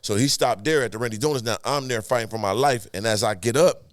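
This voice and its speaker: A man, a podcast guest, telling an animated, profane story full of sound effects and acted-out quotes. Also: mid-range voice, quick pace, no echo, clean studio sound.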